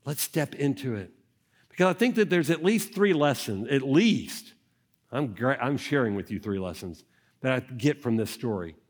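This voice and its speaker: A male pastor delivers a sermon in a church service, keeping a conversational tone. His voice sits at a middling pitch, and he talks straight to the people in front of him, often asking "right?". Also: expressive, normal speed. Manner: conversational, keeps asking "right?", direct to the congregation.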